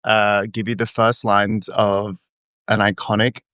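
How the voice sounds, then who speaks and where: A man chats casually on a podcast in a smooth, resonant voice that sits fairly low. He is easygoing and self-mocking, and often trails off with ums. The sound is close and dry. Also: level tone, a little slow, bright, forceful tone, no echo. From Queensland, Australia. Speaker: podcast co-host. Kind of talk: casual chat.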